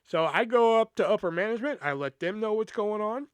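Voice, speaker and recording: A man's voice: high voice, a little fast, smooth, no room sound. A man hosting a podcast, telling a personal story in a casual, profane, rambling way. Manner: profane, rambling, animated retelling. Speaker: podcast host.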